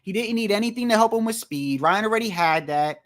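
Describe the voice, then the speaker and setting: A man's voice: high voice, expressive, a little fast, fairly bright tone, dry recording. A man giving a heated, profane boxing commentary rant, repeating his points for emphasis. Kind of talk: ranting vlog commentary.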